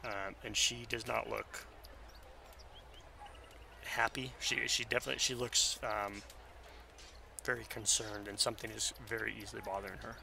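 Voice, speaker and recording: A man narrating as game master for a tabletop game, halting with many ums and self-corrections. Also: fairly low pitch, little pitch movement, vocal fry, background noise.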